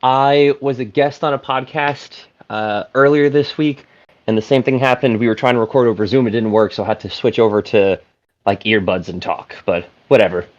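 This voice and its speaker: Male co-host, average pitch, muffled earbud line, loose chatty delivery. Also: fairly even intonation, moderate pace. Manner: loose, filler-heavy talk. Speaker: podcast co-host. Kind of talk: casual chat. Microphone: phone earbuds. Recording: dull phone-earbud audio.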